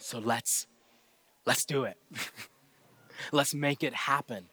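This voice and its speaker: Bright-voiced earnest male preacher. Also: mid-range voice, slow, husky, no echo. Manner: earnest, self-deprecating, swings between loud emphasis and soft asides, chuckles often. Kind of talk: conversational sermon.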